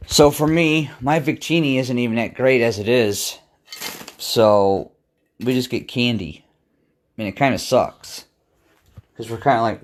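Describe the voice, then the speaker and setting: A man's voice: mid-range voice, unhurried, pauses often, a little hiss or hum. A young adult man chatting casually on a live game stream, rambling and talking back to his cat.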